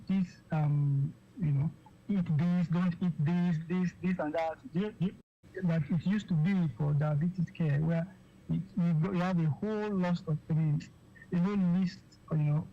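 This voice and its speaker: A physician with a Nigerian English accent, a guest on a radio interview, explaining slowly with many fillers, okays and repeated words. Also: mid-range voice. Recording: dull lo-fi radio sound with faint noise.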